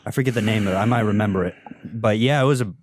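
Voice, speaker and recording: A man's voice: fairly low pitch, very fast, no room sound. A man in his twenties hosting a podcast, chatting casually and easily. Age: 20s. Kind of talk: casual chat.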